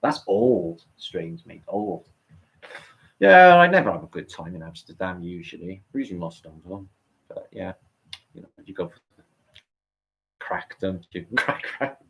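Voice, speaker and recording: A man's voice: sits low, animated, normal speed, creaky, long pauses, a bit bright, low-quality recording. A middle-aged man hosting a live stream, chatting casually, rambling and swearing as he answers comments.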